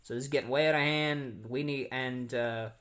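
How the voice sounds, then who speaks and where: A man's voice: medium pitch, steady tone, moderate pace, fairly bright tone, close to an everyday voice. Guy quoting a worried president, own voice basically, rambly with uhs and likes. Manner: loose paraphrase in own voice, rambling. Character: worried male president, middle-aged.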